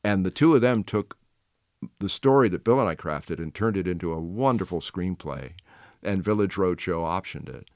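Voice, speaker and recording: Smooth, low-voiced man telling stories. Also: animated, no echo, clean studio sound. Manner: chatty anecdotes with restarts and quick asides. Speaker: guest, television host. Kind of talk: casual storytelling interview.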